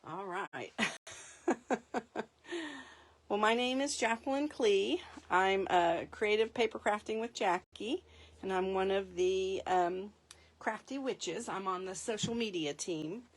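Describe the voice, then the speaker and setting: A woman's voice: mid-range voice, slow pace. A middle-aged woman hosting a live paper craft demonstration, chatty, laughing often and correcting herself mid-sentence.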